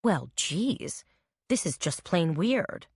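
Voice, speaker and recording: A brash New Orleans woman with a lazy drawl and a low, dry voice, as a woman reads her in a mystery audiobook. Her accent is New Orleans, her talk unhurried and bold. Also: big pitch swings, breathy edge, no room sound, heavily acted. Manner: quiet drawl. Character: sleepy, brash Southern woman, shop owner.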